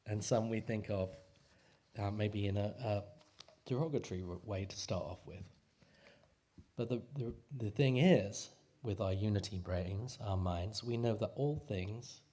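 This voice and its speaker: A man speaks in a lowish voice, at an unhurried, leisurely pace. He gives a relaxed, joking sermon, with frequent fillers and restarts. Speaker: speaker at a spiritual community service. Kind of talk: casual sermon talk.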